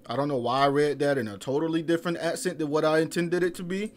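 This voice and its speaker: A young man streaming a horror game, loud and jumpy at the scares, full of slang and swearing, muttering to himself as he explores. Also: on the high side, fairly even intonation, fast talker, music in the background. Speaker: gaming streamer. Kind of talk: horror gameplay commentary.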